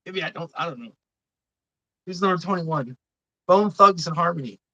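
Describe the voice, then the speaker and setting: A woman's voice: fairly low pitch, lively intonation, moderate pace, bright, forceful tone, no room sound, highs cut off. A woman hosting a live stream, chatting casually and swearing a lot as she gives blunt, indignant opinions.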